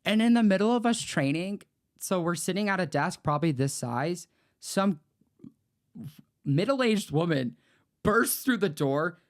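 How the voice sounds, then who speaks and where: A young man co-hosting a podcast, telling crude, animated stories in casual chat with a lot of swearing. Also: high-pitched, measured pace. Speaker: podcast co-host.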